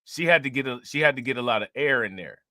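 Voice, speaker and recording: Bright-voiced man riffing on news. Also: medium pitch, animated, fast talker, dry recording. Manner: loose, repetitive, talks to viewers directly. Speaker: commentary channel host. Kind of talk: casual commentary reacting to news clips.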